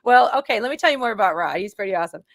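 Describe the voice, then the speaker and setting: A woman's voice: medium pitch, rapid-fire, vocal fry, dry recording. Brief: woman event host, bubbly and effusive, dry close-mic recording. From Boston area. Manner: bubbly, excitable, laughs often. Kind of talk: live-stream event hosting.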